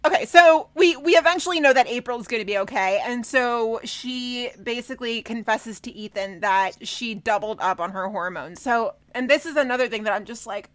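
A woman with a high voice co-hosts a casual podcast chat. She talks animatedly, swears freely and slips into mocking impressions. Her voice sounds dry and close, with no room behind it. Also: normal speed, few pauses, a bit bright, dry recording. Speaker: podcast co-host. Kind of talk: casual chat recapping a TV episode.

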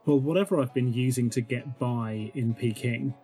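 A man's voice: medium pitch, moderate pace, dark tone, soft background music. A man playing a tabletop role-playing game, chatty, laughing easily and thinking aloud with many fillers. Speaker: player.

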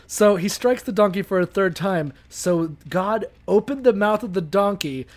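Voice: medium pitch, expressive, moderate pace. A podcast co-host casually retelling a bible story with lots of swearing, jokes and fillers. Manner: profane, jokey, full of fillers.

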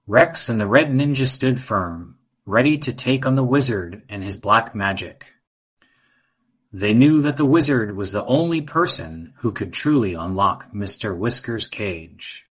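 A man narrating a children's adventure story in an even, measured reading. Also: medium pitch, husky.

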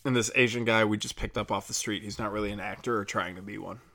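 A man's voice: lowish voice, steady tone, fast talker, bright, forceful tone. A young man doing a profane, heated ranting monologue as a comedian podcast host, slipping into mocking quoted voices.

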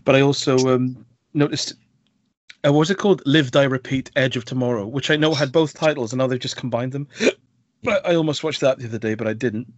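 A man's voice: mid-range voice, a little fast, no room sound. Sex: man. Role: podcast co-host. Style: rambling casual film chat with lots of fillers. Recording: dry, dull lo-fi sound. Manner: chatty, rambling with frequent fillers and self-corrections.

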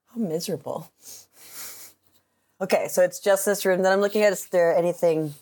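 A woman's voice: lowish voice, fairly even intonation, quick pace, darkish tone. A woman player in a casual tabletop role-play, joking and giggling as she plays a cheeky ancient old lady. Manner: playful, giggly, jokey.

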